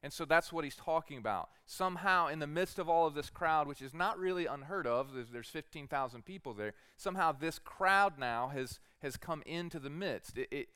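Smooth-voiced male pastor preaching. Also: a little high, normal speed, hardly any pauses, pushed and bright, dry recording, clean studio sound. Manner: earnest, repeats rhetorical questions to the congregation. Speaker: teaching pastor. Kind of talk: sermon.

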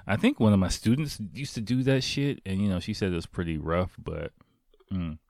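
A man's voice: deep voice, fairly quick, a little mellow, no room sound, studio quality. A man hosting a casual solo podcast from home, rambling and swearing freely and laughing often. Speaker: podcast host.

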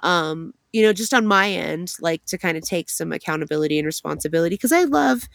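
Lowish-voiced young woman on a podcast, chatty and swears a lot, dry sound. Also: fairly quick, creaky, no room sound. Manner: swears freely, animated and chatty. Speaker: podcast co-host. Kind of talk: casual chat.

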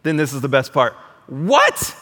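A man preaching a sermon as pastor in a conversational, animated way, often repeating words as he restarts. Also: fairly high pitch, moderate pace, long reverb tail.

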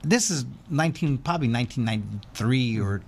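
A man's voice: mid-range voice, animated, fairly quick. A former boxer telling a long rambling story as an interview guest, acting out the voices of the people he quotes.

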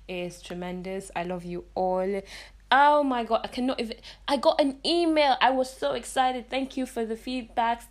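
A woman's voice: fairly high pitch, fairly bright tone. Bubbly woman hosting a podcast. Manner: bubbly, blunt and chatty, with frequent restarts. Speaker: podcast host. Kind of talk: casual solo podcast chat.

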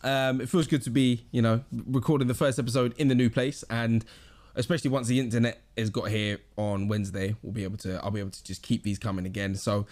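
A man's voice: medium pitch, steady tone, quick pace, darkish tone. A young man with a southern English accent hosting his own podcast in a rambling, casual chat full of slang and restarts. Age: young adult. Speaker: podcast host.

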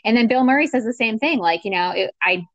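A woman's voice: fairly high pitch, animated, quick pace, a bit bright, no room sound, highs cut off. A woman casually discussing a film as a podcast co-host, chatty and full of fillers.

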